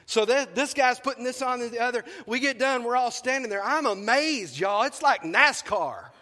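Animated high-voiced pastor in a hall. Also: male voice, normal speed. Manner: animated storyteller acting out dialogue. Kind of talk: storytelling sermon. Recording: long hall reverb.

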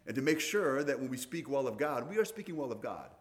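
Middle-aged guy preaching, chatty storytelling sermon, average-pitched voice, keeps restarting his sentences. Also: very animated, quick pace. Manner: conversational storytelling with frequent restarts. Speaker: pastor.

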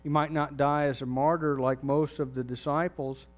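A man's voice: a little high, little pitch movement, normal speed. A man preaching a sermon as pastor, talking earnestly and putting direct questions to his congregation.

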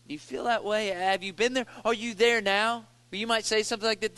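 A man's voice: sits high, steady tone, fairly quick, few pauses, bright, forceful tone, clear, resonant tone. A male pastor preaching a sermon in a church, talking casually and stumbling over repeated words, then pleading with rising intensity as he paraphrases a psalm. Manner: conversational, repeats words, rises to impassioned pleading when voicing the psalm.

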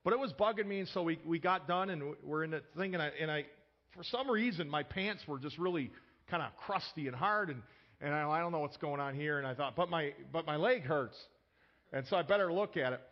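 A man with a fairly high voice delivers a sermon in an easy, conversational way. He tells personal stories and often restarts sentences by repeating a word, and the recording sounds dull and lo-fi. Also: fast talker. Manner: conversational, repeats words when starting sentences. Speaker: pastor.

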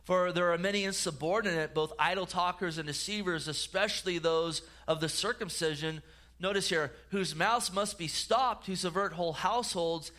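A pastor preaching with a bright, forceful voice that sits a little high for a man. His delivery is earnest, with repeated words and restarted phrases. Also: steady tone, a little fast. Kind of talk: sermon.

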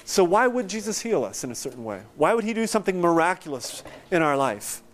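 A man preaching a sermon, explaining scripture in a conversational, animated way and acting out quotes. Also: high voice, a little fast. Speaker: pastor.

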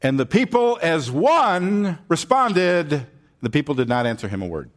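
A man's voice: fairly high pitch, sing-song, unhurried. A man preaching a sermon, retelling a Bible story in a casual way, with asides to the congregation and dramatic jumps in voice when he quotes someone.

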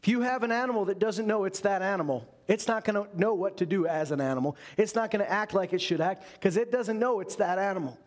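A man's voice: sits high, quick pace, hardly any pauses. A man preaching a sermon as a pastor, earnest and full of rhetorical questions.

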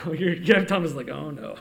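A man preaching a sermon, his voice pitched high. He moves between soft, conversational asides and loud, emphatic proclamations. A faint background noise sits under the recording. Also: vocal fry. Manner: shifts from quiet asides to loud emphatic declarations. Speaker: pastor.

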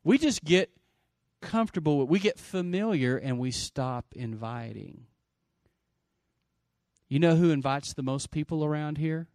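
A man preaching a sermon, calling for amens and swinging from loud exclamations to quiet asides. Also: a little high, unhurried, pauses often, no room sound, studio quality. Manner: calls for audience response. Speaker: pastor.

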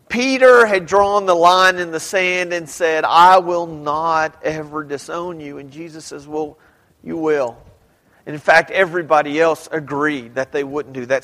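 A pastor reads scripture aloud and questions his congregation as he explains it, his voice on the high side and fairly bright. The recording carries a long hall reverb.

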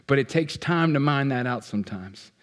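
A man preaching a sermon as pastor, animated and playful, swinging between loud outbursts and hushed asides. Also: medium pitch, normal speed. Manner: playful, acts out what people feel.

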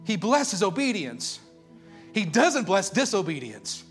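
A man preaching a sermon with passion, firing rhetorical questions and swinging between loud declarations and hushed intensity. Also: high-pitched, sing-song, takes it slowly, soft background music.

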